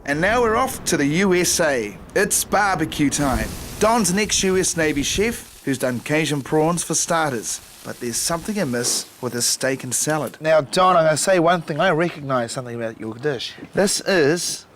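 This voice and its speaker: Jokey New chef judging dishes. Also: male voice, fairly high pitch, animated, moderate pace, few pauses, a bit bright, slight background noise. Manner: jokey, upbeat critic. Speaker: chef judge and show host. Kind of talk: tasting and scoring commentary. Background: music.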